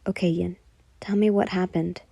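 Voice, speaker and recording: A woman doing a calm monotone teenage boy. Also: lowish voice, normal speed, gravelly, breathy edge, no room sound. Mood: soothing. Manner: monotone, gently soothing.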